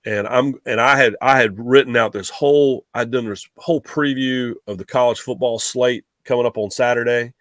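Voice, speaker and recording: Animated middle-aged man, dry sound. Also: mid-range voice, moderate pace, few pauses, no echo. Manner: animated, rambling with restarts. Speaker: guest sportswriter. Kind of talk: casual storytelling.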